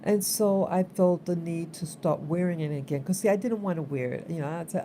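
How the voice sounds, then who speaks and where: A woman's voice: fairly low pitch, a little fast, few pauses, dark tone, slight background noise. A woman vlogger telling a story in a casual, rambling way, repeating herself for emphasis.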